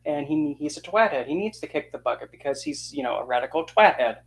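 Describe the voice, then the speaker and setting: A fired-up vlogger ranting in an indignant, sarcastic tone, voice pitched in the middle range. The speaker jumps between a frank, steady delivery and mocking little impressions of the people being criticized. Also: fairly quick, hardly any pauses, a little hiss or hum. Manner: indignant, sarcastic, mocks others in quoted voices. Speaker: occult channel host. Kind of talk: ranting opinion monologue.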